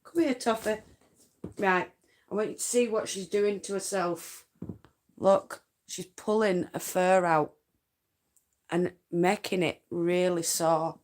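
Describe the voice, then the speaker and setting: A woman with a Yorkshire accent, chatting in a loose, rambling way on a late-night livestream from home. Her voice sits a little low, and she takes her time with each thought. Dialect forms slip into her everyday talk. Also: steady tone, slow pace, long pauses, darkish tone. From North Yorkshire, England. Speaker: craft livestream host. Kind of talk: casual late-night live chat.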